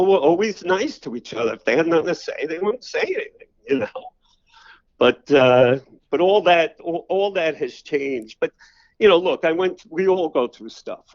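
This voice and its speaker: An older man, a podcast guest telling personal stories in a loose, rambling way full of "you know" fillers. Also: fairly high pitch. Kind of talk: casual storytelling interview. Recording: slightly dull lo-fi audio.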